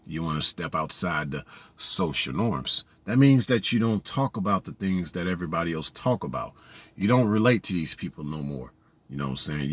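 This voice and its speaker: A man's voice: deep voice, husky, no echo. A man giving a preachy casual monologue, often saying "you know what I'm saying". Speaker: vlogger.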